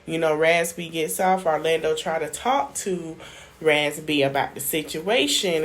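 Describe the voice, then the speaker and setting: A woman's voice: deep voice, a little slow. A woman hosting her own channel, chatting casually through a reality-show recap and talking straight to her viewers. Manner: chatty, addresses viewers as y'all, acts out quotes. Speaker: YouTube channel host.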